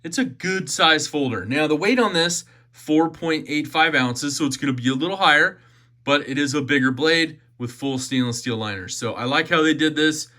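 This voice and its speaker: A man's voice: a little high, normal speed, pushed and bright. A man giving a chatty, enthusiastic knife unboxing review, often repeating his phrases.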